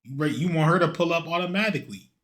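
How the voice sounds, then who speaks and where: A man's voice: fairly high pitch, rapid-fire, a bit bright. A man casually commenting on a video as a streamer, slangy and joking.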